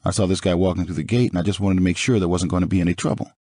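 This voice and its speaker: A man's voice: deep voice, steady tone, very fast, dark tone, slightly rough, dry recording, clean studio sound. A man voicing an anxious male friend who pleads urgently to leave, in an audiobook.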